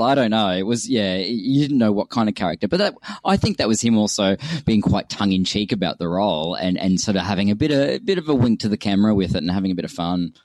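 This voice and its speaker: Fast, low-voiced male co-host, chatty, laughs through his points, dry close sound. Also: a little mellow, no echo. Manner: chatty, laughs often, restarts sentences. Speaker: film review podcast co-host. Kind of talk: casual chat.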